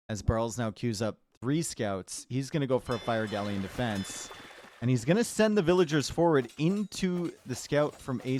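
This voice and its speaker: Between plays of a live strategy-game match, a relaxed, talkative tournament caster mixes esports commentary with playful jabs at his chat. He has a mid-range voice with a darkish tone, and a bit of background noise can be heard.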